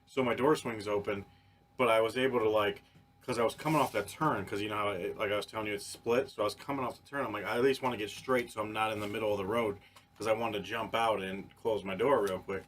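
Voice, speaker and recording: A man on a podcast telling a story in casual chat, animated and profane, with many restarts. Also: on the low side, fast, slight background noise. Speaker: podcast co-host.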